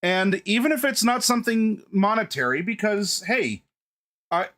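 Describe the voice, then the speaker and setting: A man's voice: high voice, sing-song, moderate pace, a bit bright. A man hosting a live stream, chatting casually with his viewers and often restarting his sentences. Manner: chatty, restarts often, addresses chat directly. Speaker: streamer host.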